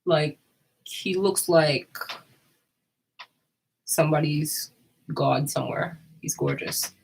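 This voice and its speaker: A woman's voice: deep voice, slow, creaky, husky, poor audio. A woman chatting casually and candidly, rambling and laughing often. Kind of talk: casual chat.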